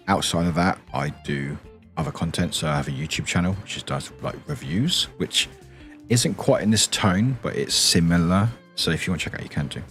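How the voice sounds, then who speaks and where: Soft-spoken male streamer with a very low, deep morning voice, rambling chat at a home desk mic, faint music behind. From England. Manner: rambling, chatty, chuckles often.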